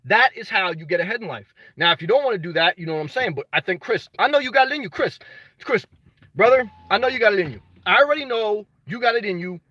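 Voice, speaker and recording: A man with a high, sharp voice hosts a motivational livestream, reading viewer comments quickly with lively intonation. He speaks emphatically, repeats his key phrases, calls viewers "brother" and swears casually. The recording has no echo but is low quality.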